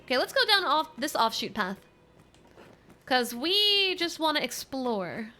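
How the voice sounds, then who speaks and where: A high, bright young woman streams a video game with casual running commentary. She is playful and teasing, talking to her chat and her companion, close on a desk microphone. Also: very animated, measured pace, faint music behind. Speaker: livestreamer.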